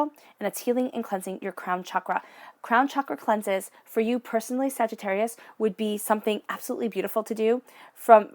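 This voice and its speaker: A woman giving an encouraging psychic tarot reading in a gentle, spiritual way of speaking. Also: medium pitch. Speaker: tarot reader.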